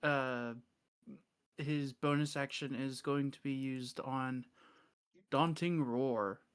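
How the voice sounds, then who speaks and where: Very slow, halting tabletop player. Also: mid-range voice, fairly even intonation, clear, resonant tone. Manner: halting, thinks aloud with many fillers. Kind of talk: casual tabletop play.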